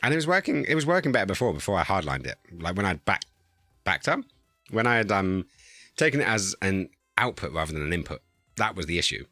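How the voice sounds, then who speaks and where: A man's voice: deep voice, sing-song, fast, pushed and bright, no echo, faint music behind. A man streaming live, chatting casually and getting flustered while fixing his audio settings. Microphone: new desk microphone.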